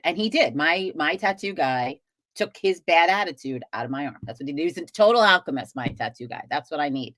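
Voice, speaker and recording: A chatty woman hosts a live stream and talks straight to her viewers in a relaxed, rambling way. Her voice sits a little low and she swears freely as she goes. The sound is dry and close, with no room echo. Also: fairly quick. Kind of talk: casual chat with viewers.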